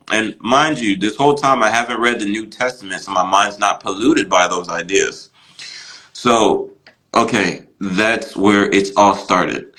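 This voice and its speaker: A man guest on a podcast telling his story casually, full of "you know" and "right," jumping his pitch up when he acts out what others said. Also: poor audio. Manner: animated, acts out quoted voices with big pitch jumps.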